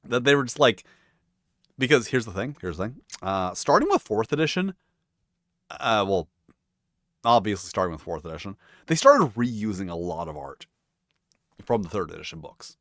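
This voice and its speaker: A man's voice: fairly low pitch, very animated, moderate pace, long pauses, fairly bright tone, dry recording, clean studio sound. Man telling rambling game stories. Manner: rambling, swears, self-mocking, laughs often. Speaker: tabletop game video host. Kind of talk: casual chat.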